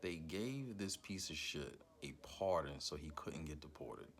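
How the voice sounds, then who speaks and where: Angry man ranting, very deep voice. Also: expressive, measured pace, fairly bright tone. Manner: heated, swearing, stuttering when mad. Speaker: commentary host. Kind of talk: angry political commentary.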